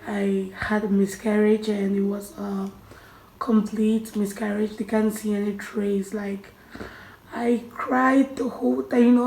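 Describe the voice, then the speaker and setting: A young woman recounting a personal story for her vlog, her fairly high voice often falling to a near murmur as she restarts sentences. She sounds emotional and halting. The room around her is echoey. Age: young adult. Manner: emotional, halting, many restarts and soft drops in volume. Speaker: vlogger.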